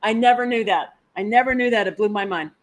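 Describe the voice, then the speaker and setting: A woman's voice: mid-range voice, quick pace. A woman from the United States hosting a casual live stream, enthusiastically reading out and reacting to viewer comments. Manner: enthusiastic, exclamatory. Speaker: co-host of a travel live stream.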